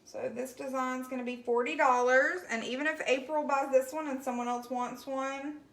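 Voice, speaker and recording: A chatty woman with an Alabama Southern accent talks to her viewers in a relaxed, folksy way as she paints. Her voice sits on the higher side, and it rings around an echoey room. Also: normal speed. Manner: chatty and folksy, answers viewer comments aloud. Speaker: craft livestream host. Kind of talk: casual livestream chat while painting.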